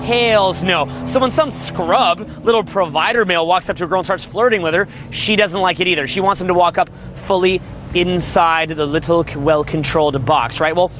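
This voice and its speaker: A man's voice: high voice, moderate pace, a bit bright, slight background noise. A man coaching on dating in a brash, crude monologue, riffing and mimicking other people. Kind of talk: motivational monologue.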